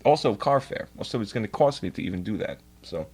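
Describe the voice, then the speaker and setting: Profane ranting man with a lively voice. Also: fairly low pitch, quick pace, husky. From New York. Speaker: streamer. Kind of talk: casual livestream rant.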